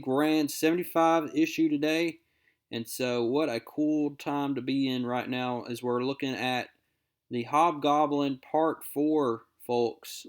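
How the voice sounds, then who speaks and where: A young man talks through a comic book issue in a relaxed, upbeat recap. His voice sits at an ordinary middle pitch, and he reads character quotes aloud as he goes. The delivery is friendly and conversational.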